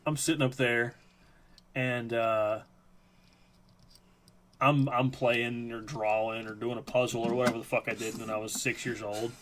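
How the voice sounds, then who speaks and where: Man, stream host, casual storytelling, swears often, rambling, middle pitch. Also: level tone, measured pace, long pauses, fairly bright tone, slight background noise. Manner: rambling, profane, lots of fillers.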